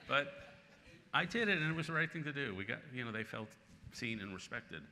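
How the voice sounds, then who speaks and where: A man's voice: mid-range voice, a little fast, pauses often. A man in his sixties answering audience questions at a conference, telling stories with bursts of laughter. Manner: lively anecdotal storytelling with bursts of laughter. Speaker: featured speaker, columnist. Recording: long reverb in a large hall with faint noise.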